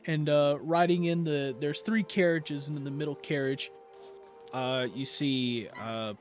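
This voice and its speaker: A man narrating as game master of a tabletop game, relaxed and full of fillers. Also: fairly high pitch, measured pace, faint music behind.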